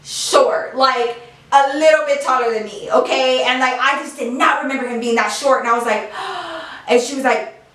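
Young woman, casual storytime chat, slightly high voice, distant mic, very echoey room. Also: normal speed. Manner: chatty, animated, heavy use of "like". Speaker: beauty vlogger telling a story.

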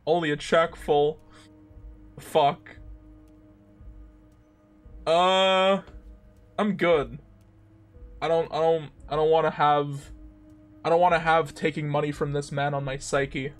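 A man live-streaming a video game, reacting out loud in an excitable, swearing way. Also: fairly high pitch, slow pace, pauses often, soft background music. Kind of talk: casual live-stream commentary.

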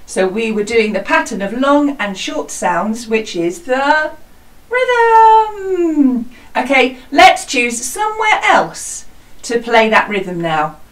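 A woman's voice: fairly high pitch, very animated, takes it slowly, fairly bright tone, distant mic, poor audio. A British woman teaching a home music lesson to young children, in an encouraging singsong teacher manner. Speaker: primary school music teacher. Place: small hut classroom.

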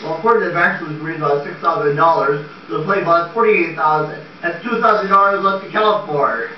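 An actor playing a timid, nervous young accountant in an amateur comedy sketch, with a meek and fussy, hesitant delivery. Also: male voice, a little high, fairly quick, slight background noise, close to an everyday voice. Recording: echoey, distant, dull lo-fi tape.

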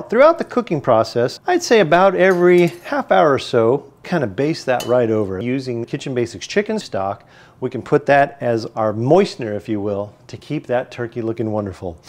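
A man's voice: medium pitch, a little mellow. A man, a chef, presenting a friendly step-by-step cooking demonstration in a kitchen.

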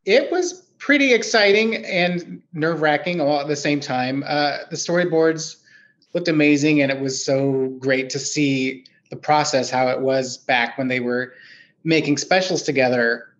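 A man talks through his work in a thoughtful, meandering way, his voice sitting a bit high. The video call audio is dull and lo-fi. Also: measured pace, fairly bright tone. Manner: thoughtful, rambling with fillers. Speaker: writer guest. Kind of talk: conversational interview answer.

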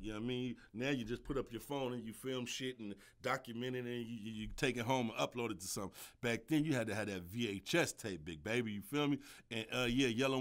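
A man telling a story on his podcast in a loose, slangy, animated way, with constant "you dig" and "you feel me" asides. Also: mid-range voice. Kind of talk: casual storytelling monologue.

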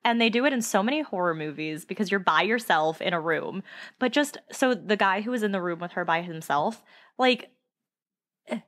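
A woman's voice: medium pitch, lively intonation, moderate pace, fairly bright tone. A woman co-hosting a podcast, reacting in casual chat and laughing often. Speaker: podcast co-host.

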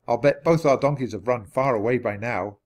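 A man's voice: mid-range voice, a little fast, darkish tone, close to an everyday voice. A man voicing a cautious, sensible young boy in a storybook, careful and reasoning in his talk. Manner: careful, reasoning, urgent when calling.

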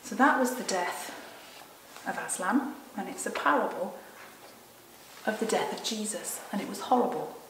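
A woman leading a Sunday school reads a story aloud to children and then explains it in a gentle, quiet voice. The recording is roomy and echoey, taken from a mic some distance away, with a faint hiss behind her. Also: medium pitch, moderate pace. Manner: gentle and mostly quiet, lively in the exciting parts.

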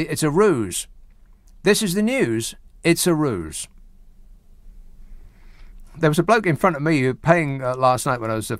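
A man's voice: medium pitch, no echo, clean studio sound. A man hosting a late-night radio phone-in, teasing his callers in a sardonic, casual way. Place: radio studio.

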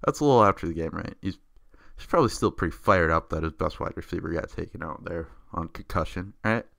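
A man with a low, deep voice rants loosely about football, swearing freely and jumping between excitement and mockery. He is recorded up close, with a dry sound and no room echo. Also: quick pace, vocal fry. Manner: profane, excitable, mocking. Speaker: sports vlogger. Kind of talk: casual football rant.

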